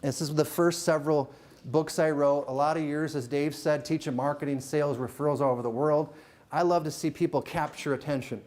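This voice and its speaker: A middle-aged man giving a live motivational keynote to a room, joking and teasing the crowd with quick questions. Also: a little high, fairly even intonation, a little mellow. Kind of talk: live stage talk to an audience. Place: event room with a live audience.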